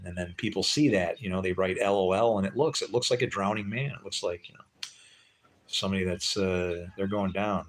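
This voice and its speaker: A man chatting casually with livestream viewers from a porch at dusk, rambling and joking with frequent chuckles. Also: sits low.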